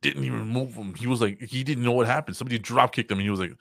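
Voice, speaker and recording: A man's voice: mid-range voice, very fast, gravelly, few pauses, a bit bright, no room sound, clean studio sound. A man telling stories in a casual comedy chat, swearing often and laughing a lot.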